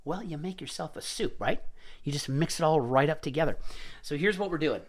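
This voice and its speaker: A man's voice: fairly high pitch, lively intonation, brisk. Jokey man hosting a cooking stream. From Irish family roots. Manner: jokey, rambling, chatty. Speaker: cooking show host. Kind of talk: casual live-stream cooking demo.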